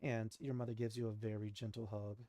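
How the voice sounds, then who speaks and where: A man's voice: fairly low pitch, level tone, fairly quick, mellow, dry recording. A man narrating as game master of a tabletop game, casual, laughing, with many fillers.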